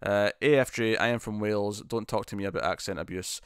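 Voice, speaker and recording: A young man chatting casually on a live stream, reading out and answering viewer comments with plenty of ums and easy laughs. His voice sits fairly low and sounds smooth and resonant, close-miked in a dry, dead room. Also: steady tone, a little fast, fairly bright tone, dry recording. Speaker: host. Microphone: studio mic with pop shield.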